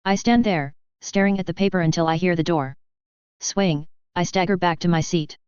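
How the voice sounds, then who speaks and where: A woman reading a story in first person in an even, measured way, on slightly dull lo-fi audio. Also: fairly low pitch, clear, resonant tone, no room sound. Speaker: audiobook narrator. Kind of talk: scripted first-person narration.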